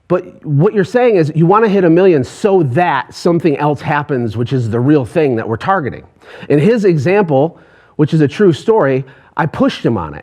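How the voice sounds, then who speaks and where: A man's voice: fairly high pitch, darkish tone. A man, a business coach, giving a passionate motivational talk to an online audience, pushing hard with rhetorical questions.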